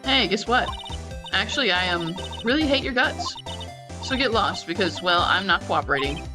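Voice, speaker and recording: Woman doing a rude sarcastic young woman, curt, swings up high, music behind. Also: animated, normal speed, natural voice. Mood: snippy. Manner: curt, sarcastic, gets flustered and shrill.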